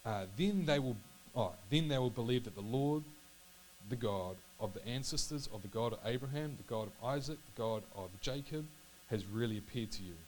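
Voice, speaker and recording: A man talks through a Bible passage in a relaxed, personal way. He trips over his words, restarts, and apologizes as he goes. A faint electrical hum and hiss sit under the voice. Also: mid-range voice, rough recording. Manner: halting, self-correcting, apologetic. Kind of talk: casual Bible reading and reflection.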